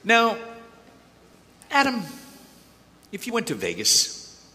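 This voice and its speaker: A man preaching a lively sermon, joking with the crowd and calling on volunteers. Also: very high-pitched, takes it slowly, slight background noise. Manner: animated, joking, calls on volunteers. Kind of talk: lively sermon with audience participation. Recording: echoey hall.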